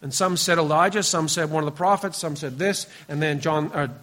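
A man preaching a sermon to his congregation, earnest and emphatic, often dropping to a quieter, lower voice and addressing listeners by name. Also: brisk. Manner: speaks directly to the congregation, teasing members by name. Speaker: pastor.

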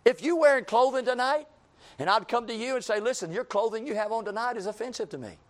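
A man's voice: very high voice, quick pace. A man preaching a sermon, folksy and repetitive, building to emphatic calls and acting out everyday scenes.

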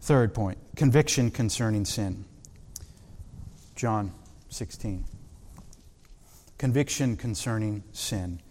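A man's voice: fairly low pitch, takes it slowly, pauses often, a little mellow, in a large hall. A man preaching a sermon, putting rhetorical questions to the congregation.

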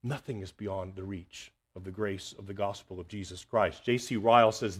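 A man preaching a sermon earnestly, rising to loud emphasis and dropping to hushed, near-whispered lines. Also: fairly low pitch, steady tone, normal speed, hardly any pauses, breathy edge. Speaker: pastor.

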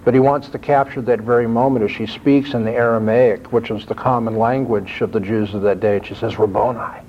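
A man's voice: mid-range voice, fairly quick, slight background noise. Man preaching in a dull, lo-fi recording. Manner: expressive, rising emphasis when quoting scripture. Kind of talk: sermon.

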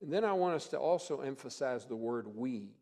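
A man preaching a sermon, folksy and emphatic, rising to strong emphasis and dropping low for effect. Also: animated, fairly quick, vocal fry, darkish tone. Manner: emphatic, rises and drops in volume for effect; folksy humor. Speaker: pastor.

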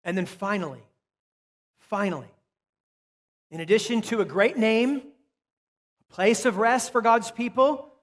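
A man with a high voice preaches a sermon, stressing and repeating key phrases and then sinking to quiet asides. His voice rings with a long reverb, as in a church sanctuary. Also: measured pace, long pauses. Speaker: pastor.

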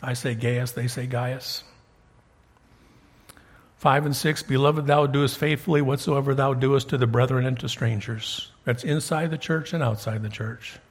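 A middle-aged man delivers a sermon from the pulpit of his church. His voice is somewhat husky and breathy. He talks with the congregation in a conversational way and pushes up with emphasis when he drives a point home. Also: mid-range voice, steady tone, normal speed, hardly any pauses. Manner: conversational preaching, rising emphatically on key points. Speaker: pastor. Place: church sanctuary.

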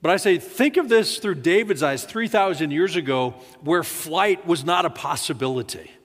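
A man preaching a sermon as pastor, talking in a relaxed conversational way. He often repeats words and acts out the quoted lines with a rising voice. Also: on the high side, normal speed, big-room sound. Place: church sanctuary.

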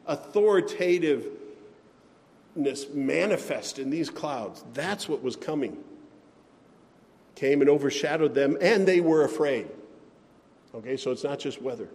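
A pastor preaches a sermon in a fairly high-pitched, darkish voice, speaking slowly and deliberately and giving scripture readings extra weight. A long reverb tail follows his words.

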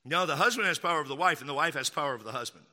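Bright-voiced pastor preaching in a hall. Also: male voice, fairly high pitch, lively intonation. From Texas. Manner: emphatic, repeats key lines slowly, mocking asides. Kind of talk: sermon.

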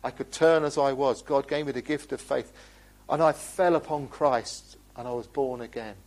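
Man, preacher, church sermon, earnest, pleading, urgent appeals, quiet asides. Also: mid-range voice, normal speed, poor audio. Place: church building.

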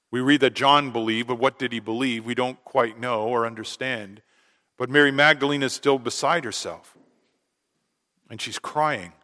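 A man preaching a sermon as pastor, earnest, often dropping to a hush on key words. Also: mid-range voice. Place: church sanctuary. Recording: long hall reverb.

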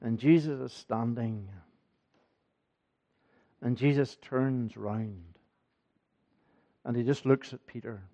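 A man's voice: mid-range voice, fairly even intonation, slow, long pauses, mellow, highs cut off. A man preaching a sermon in a church, earnest and building in force, often repeating his phrases. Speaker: pastor.

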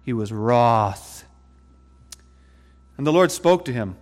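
A man's voice: medium pitch, lively intonation, big-room sound. Emphatic, dramatic male preacher. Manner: emphatic, dramatic, swings between slow stresses and quick asides. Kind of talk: sermon.

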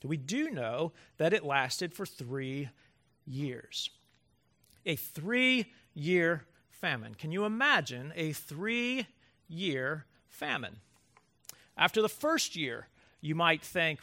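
A man's voice: a little high, sing-song, very slow, bright, forceful tone. A man preaching a sermon as pastor to his congregation, emphatic and building through rhetorical questions.

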